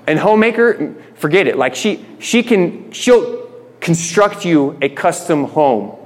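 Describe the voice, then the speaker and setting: A man's voice: on the high side, lively intonation, a little slow. A man preaching a conversational Bible sermon as a pastor, enthusiastic and often restarting his phrases. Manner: enthusiastic, repeats words as he restarts. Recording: long reverb.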